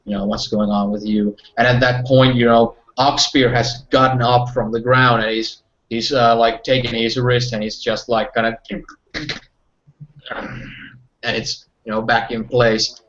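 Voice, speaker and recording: A man narrates as game master of a tabletop game and rambles with many fillers. His voice sits at a middle pitch. The audio is muffled and lo-fi. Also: flat delivery, a little slow, fairly bright tone.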